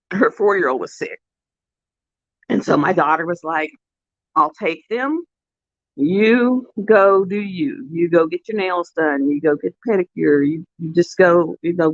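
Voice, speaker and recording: A woman in her fifties chatting casually to her viewers, rambling through stories and jumping up high when she quotes people. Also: no room sound, lo-fi sound. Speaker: vlogger.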